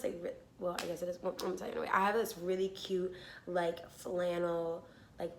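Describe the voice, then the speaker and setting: A woman's voice: mid-range voice, fairly bright tone, slight background noise. A young woman telling a storytime vlog, casual and full of swearing and "like", acting out what people said. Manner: casual, swearing, heavy use of "like", acts out quotes. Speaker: vlogger.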